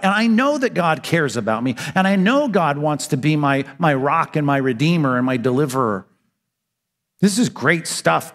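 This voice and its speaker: A man's voice: fairly high pitch, a bit bright. Emphatic male preacher in a reverberant hall. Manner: emphatic preaching with rhetorical questions and self-answers. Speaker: pastor. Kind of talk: sermon.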